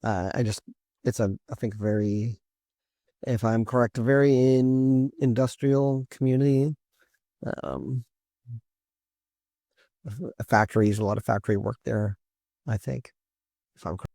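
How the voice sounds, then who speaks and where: A man's voice: medium pitch, fairly even intonation, measured pace, pauses often, mellow, no echo, studio quality. A man giving casual reaction commentary as a genealogy host, thinking aloud with many restarts. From Canada.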